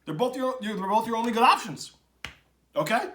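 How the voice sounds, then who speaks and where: High-voiced man ranting on a podcast. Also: lively intonation, moderate pace. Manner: blunt, ranting, swings from loud outbursts to low mutters. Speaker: podcast host. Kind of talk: casual opinionated sports talk.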